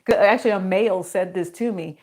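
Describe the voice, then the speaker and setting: A woman's voice: mid-range voice, a little fast, darkish tone. A middle-aged woman giving a casual tarot reading, chatty and rambling, laughing often as she talks. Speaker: tarot reader.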